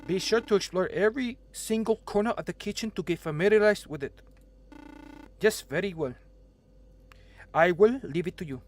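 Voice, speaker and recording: A man's voice: high-pitched, normal speed, long pauses, voice pushed up, lightly acted. A man voicing a formal, stern elderly restaurant owner in a put-on accent while reading game dialogue aloud. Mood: instructive. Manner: exaggerated put-on accent, formal instructive delivery.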